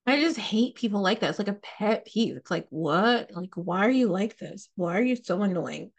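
A woman's voice: mid-range voice, animated, moderate pace. A young adult woman hosting a podcast, ranting casually and profanely, laughing often. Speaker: podcast host.

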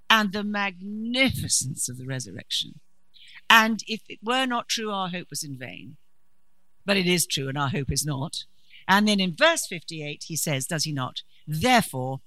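Bright, lively woman preaching. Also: on the low side, no echo, rough recording. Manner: lively storyteller with dry humour. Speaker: conference speaker. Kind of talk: preaching talk.

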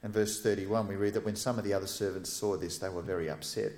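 A man preaching a sermon as a pastor, retelling a story with lively, animated delivery. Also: fairly low pitch, fast talker. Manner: animated storytelling, acts out quoted characters. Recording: echoey hall.

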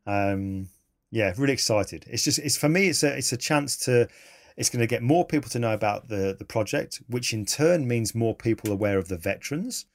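A man's voice: medium pitch, moderate pace. Enthusiastic man telling stories. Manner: animated, enthusiastic, laughs mid-story. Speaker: photographer and interview guest. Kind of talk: casual interview storytelling.

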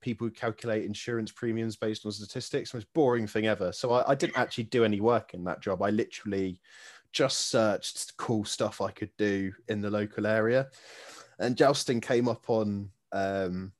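A man's voice: on the low side, fairly even intonation, moderate pace. A young man, a podcast guest talking enthusiastically, with frequent laughter and fillers. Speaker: guest, jousting performer. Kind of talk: casual chat.

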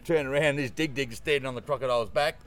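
Rough-spoken Australian man. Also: mid-range voice, quick pace, fairly bright tone. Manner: rough-spoken, swears often, rambling with fillers. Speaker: guest. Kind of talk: casual storytelling in conversation.

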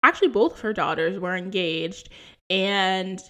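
A woman's voice: medium pitch, unhurried, sharp tone. A woman in her twenties hosting a podcast, telling personal stories in a chatty, laugh-filled way with lots of fillers. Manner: chatty, laughing often, full of likes and ums. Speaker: podcast host. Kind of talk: casual storytelling chat.

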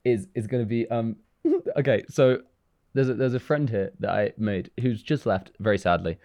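A woman co-hosting a casual chat podcast, teasing her friend and laughing easily. Her pitch swings widely as she talks. The sound is dry and close. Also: expressive, normal speed, warm tone, no room sound. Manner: chatty, teasing, laughs often. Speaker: podcast co-host.

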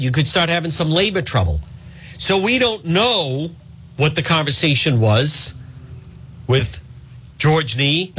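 A middle-aged man hosting an opinionated talk radio monologue, acting out quotes and often clearing his throat. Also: on the high side. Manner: animated, acts out quotes, frequent throat clearing. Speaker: radio talk show host.

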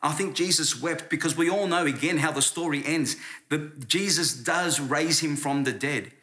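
A man's voice: a little high, moderate pace, pushed and bright. A man preaching a sermon as pastor, earnest and conversational, often restarting his words.

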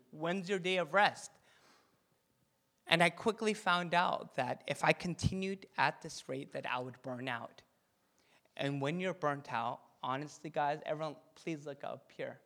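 A pastor, a man, giving an animated, jokey sermon and leading the crowd in call-and-response chants. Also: sits high. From Korean heritage. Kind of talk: sermon talk.

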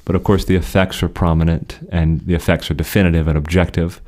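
A man co-hosting a podcast, explaining theology in a measured, conversational way with frequent restarts. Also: low voice, flat delivery, a little mellow.

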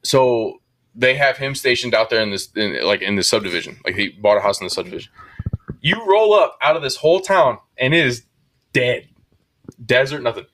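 A man's voice: medium pitch, expressive, moderate pace, fairly bright tone. A man co-hosting a podcast, telling rambling stories in casual banter and swearing freely. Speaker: podcast co-host.

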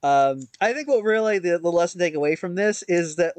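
A man's voice: high-pitched, lively intonation, a little fast, darkish tone, clear, resonant tone, no room sound. A man co-hosting a podcast in casual chat, rambling and self-mocking with lots of fillers and restarts. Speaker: podcast co-host.

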